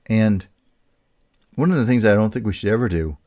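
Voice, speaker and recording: Low-voiced male radio talk host. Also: lively intonation, moderate pace. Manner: rambling, warm-hearted, restarts often. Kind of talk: casual spiritual talk to listeners.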